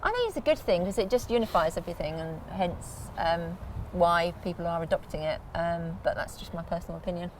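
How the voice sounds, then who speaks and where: A woman's voice: fairly low pitch, lively intonation, a little fast, hardly any pauses, far from the mic, a little hiss or hum, rough recording. A woman hosting a casual vlog chat, answering in an easygoing way. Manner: brief agreeing replies, easygoing. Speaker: vlog host.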